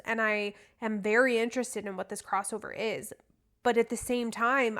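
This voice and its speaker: A young adult woman hosting a book podcast, talking casually and candidly, a little rambling. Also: a little high. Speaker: podcast host. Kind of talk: casual solo podcast chat.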